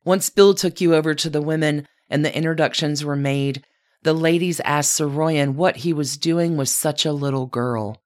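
A woman podcast host narrating from a script, speaking straight to her subject as "you". Her storytelling is measured and even. Her voice is strikingly low for a woman.

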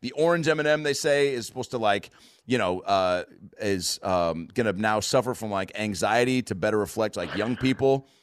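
A man's voice: on the low side, normal speed, clean tone, no room sound, clean studio sound. Profane, rambling American man chatting. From United States. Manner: rambling, profane, animated storytelling. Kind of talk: casual chat.

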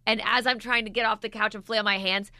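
A woman in her thirties co-hosting a podcast, telling a story in lively casual chat, acting out quotes and swearing. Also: medium pitch, fast, dry recording. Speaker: podcast co-host.

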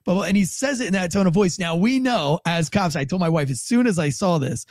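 A man's voice: high voice, brisk, few pauses, dry recording. A man, a former police officer, co-hosting a podcast in a rambling, casual way with many restarts. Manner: rambling, restarts a lot, acts out quoted tones.

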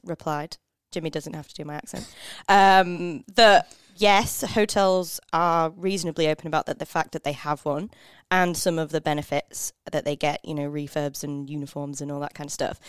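A woman with a low, smooth voice co-hosting a podcast in a wry, chatty way. The sound is close and dry. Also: dry recording. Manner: wry, chatty, laughs easily. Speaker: podcast co-host. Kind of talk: casual podcast chat.

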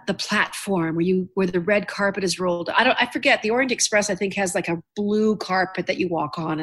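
A woman's voice: medium pitch, a bit bright. A woman hosting a casual chat, enthusiastic and rambling. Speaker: host.

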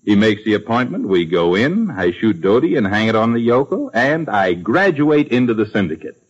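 Small-time hood: low, swaggering, slangy, lively delivery. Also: male voice, moderate pace. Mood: cocky. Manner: tough-talking, slangy underworld patter. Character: small-time gangster man, cocky hired gun. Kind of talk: 1950s radio acting. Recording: lo-fi old radio broadcast.

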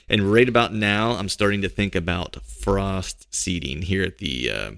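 Low gravelly-voiced hoarse podcast host. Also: male voice, moderate pace, few pauses, a bit bright, dry recording, clean studio sound. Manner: laid-back, chatty, laughs often. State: hoarse from a cold. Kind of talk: casual podcast chat.

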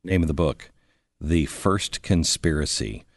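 A middle-aged man hosting a podcast, giving an earnest, measured thanks and sign-off. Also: very deep voice, lively intonation, no echo, clean studio sound. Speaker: podcast host. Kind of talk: interview wrap-up.

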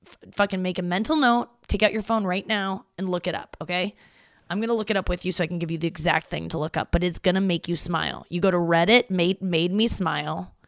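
Woman comedian-host, lowish voice, loose self-mocking monologue, salty language. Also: quick pace. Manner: rambling, self-deprecating, swears freely. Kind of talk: casual solo monologue.

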